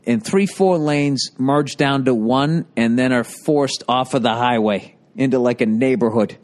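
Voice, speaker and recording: A man's voice: medium pitch, measured pace, a little mellow. A middle-aged man hosting a casual, profanity-heavy monologue, ranting and self-deprecating. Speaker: comedian and podcast host.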